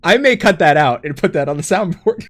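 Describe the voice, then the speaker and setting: A man's voice: fairly high pitch, lively intonation, brisk, fairly bright tone. An American man hosting a casual gaming podcast, joking, reading chat aloud and laughing often. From United States. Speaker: podcast host.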